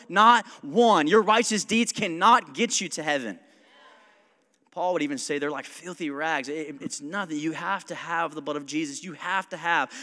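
A man with a high voice preaches in a church sanctuary. His words trail off into a long reverb. He keeps it conversational and jokey, quick with asides and chuckles. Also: fairly bright tone. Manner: conversational, joking, self-described smart aleck. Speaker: pastor. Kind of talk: sermon.

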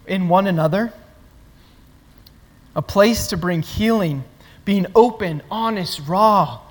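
A pastor preaching a sermon to the congregation, earnest, building points through repeated phrases. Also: medium pitch. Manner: earnest, repetitive emphatic phrasing. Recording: long reverb of a large hall.

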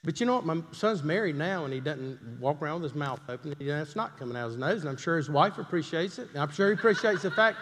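Brief: middle-aged man, folksy storytelling preacher, slightly high, animated voice, echoing church hall. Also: fast talker, hardly any pauses, a little hiss or hum. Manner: folksy, conversational, asks the crowd questions. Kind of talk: storytelling sermon. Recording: long hall reverb.

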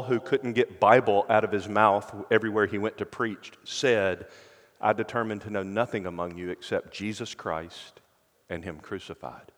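A male pastor preaching a sermon with earnest conviction, often dropping to a hushed tone for emphasis. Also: fairly low pitch, in a large hall.

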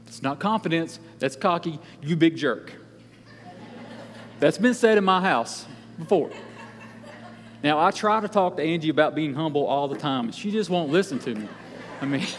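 A young man giving a casual, energetic sermon in a church, joking and talking conversationally to the congregation. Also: on the high side, creaky, in a large hall, a little hiss or hum. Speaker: guest speaker at church. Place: church sanctuary.

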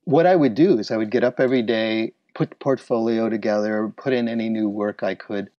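A man telling stories about his illustration business and acting out remembered conversations in lively voices. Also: on the low side, fairly quick, no room sound. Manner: animated, acts out remembered dialogue. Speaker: interviewee, illustration business owner. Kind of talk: reflective storytelling. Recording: slightly dull, dry recording.

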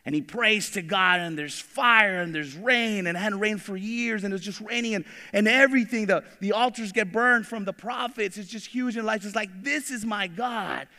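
A man preaching a sermon, animated, acting out biblical figures in casual everyday slang. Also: high voice, normal speed, few pauses. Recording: long reverb of a large hall.

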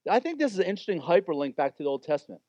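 A man's voice: high voice, very animated, racing, a little mellow, dry recording, dull audio. A man preaching a sermon as pastor, talking in an informal, conversational and emphatic way.

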